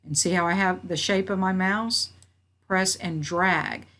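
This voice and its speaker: A woman instructor walking through a software tutorial, reading out each step and checking her work as she goes. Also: lowish voice, fairly even intonation, measured pace. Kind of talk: screen-recorded software tutorial. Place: at a computer.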